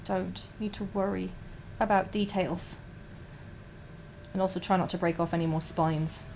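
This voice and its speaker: A woman's voice: on the low side, steady tone, a little slow, vocal fry, darkish tone, a little hiss or hum. Young woman rambling with lots of swearing. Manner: rambling, heavy swearing, frequent restarts. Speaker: streamer. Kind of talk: casual chat while painting miniatures.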